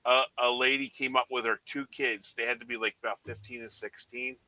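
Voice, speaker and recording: A man's voice: mid-range voice, a little fast, no echo, low-quality recording. A man co-hosting a podcast, telling an anecdote in casual chat and acting out other people's lines. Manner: animated anecdote teller who acts out other people's lines. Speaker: podcast co-host.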